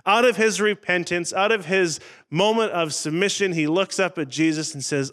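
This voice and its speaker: A man with a rather high voice preaches to his church congregation. He talks earnestly and conversationally, with dramatic pauses. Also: a bit bright. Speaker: pastor. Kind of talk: sermon.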